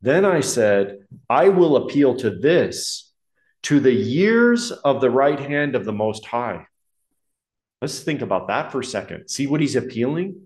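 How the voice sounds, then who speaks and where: A man preaching a sermon on the Psalms, earnest, slowing to stress key words and dropping to a hushed tone to reflect. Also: mid-range voice, very animated. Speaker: pastor. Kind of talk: expository sermon reading and explaining Psalms. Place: church hall with a projection screen. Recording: roomy, echoey hall sound.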